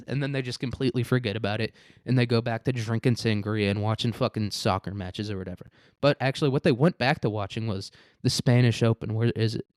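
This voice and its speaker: A man's voice: mid-range voice, fast, a little mellow, no echo, clean studio sound. A young man hosting a profane, rambling comedic commentary on news stories. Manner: rambling, crude, laughing. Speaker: host.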